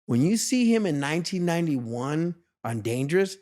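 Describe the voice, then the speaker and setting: A man in his fifties from Los Angeles sits as the guest in a relaxed interview and spins stories with lots of energy. His voice sits a little higher than most men's. He slips into the voices of the people in his tales as he goes. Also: normal speed. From Los Angeles, USA. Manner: lively, acts out other people's lines in his stories. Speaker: guest, veteran street dancer. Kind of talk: animated storytelling in a casual interview.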